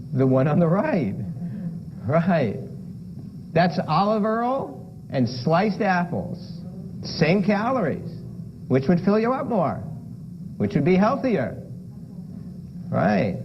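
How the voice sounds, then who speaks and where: A man giving a playful lecture with props to a room of listeners, firing questions at the audience. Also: sits high. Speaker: lifestyle medicine lecturer. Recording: dull lo-fi lecture recording with noise.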